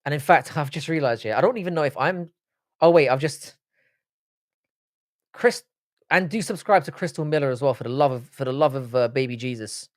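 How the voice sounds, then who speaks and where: A man's voice: medium pitch, brisk, long pauses, dry recording, studio quality. A man from Britain, hosting a live stream in casual chat, reading viewer comments and trading sweary, joking banter.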